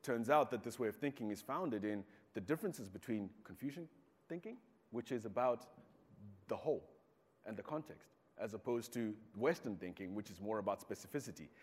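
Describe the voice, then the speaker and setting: A man's voice: lowish voice, animated, fairly quick. A Zimbabwean man giving a talk to an audience, telling stories and acting out the voices he quotes. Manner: storytelling, acts out quoted voices. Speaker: speaker. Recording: long hall reverb.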